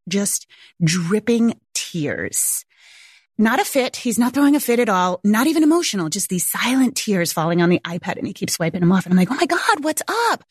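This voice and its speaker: A woman in her forties speaks candidly to her viewers as a homeschooling mother, her voice close to tears yet breaking into laughs, with casual swearing throughout. Her pitch sits in a middling range, and the recording is dry and close. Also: dry recording. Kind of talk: candid personal storytelling to viewers.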